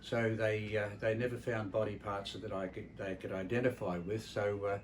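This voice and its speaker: A man's voice: on the low side, flat delivery, moderate pace, a little hiss or hum, rough recording. An older Australian man giving a memorial tribute, telling family stories in a blunt, salty, reflective way with frequent hesitations. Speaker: entertainer presenting a memorial tribute.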